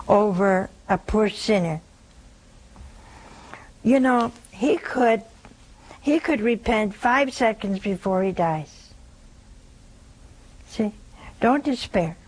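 A woman hosting a show, giving gentle, folksy spiritual counsel to a listener and often adding a questioning "see?". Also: medium pitch, low-quality recording. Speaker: host giving spiritual advice.

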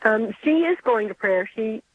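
A middle-aged woman from Connecticut calling in to a radio show, speaking haltingly as she searches for words. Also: a little high, lively intonation. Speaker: radio caller. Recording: tinny dry phone line.

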